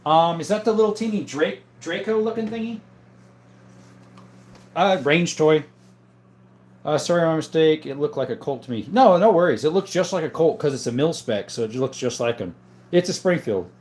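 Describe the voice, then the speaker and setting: Man from southern Arizona, livestream host, slightly high voice, reads viewer questions aloud and answers in an easygoing, chatty way. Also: lively intonation, moderate pace, a little mellow. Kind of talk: casual live-chat talk.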